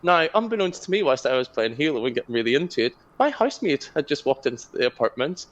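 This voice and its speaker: A young man co-hosting a relaxed podcast, his voice sitting in a middle register. He tells gaming stories with big energy, swears freely and laughs a lot as he goes. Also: mid-range voice, quick pace, lo-fi sound. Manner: animated storyteller, swearing, laughing often. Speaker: podcast co-host. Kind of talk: casual chat.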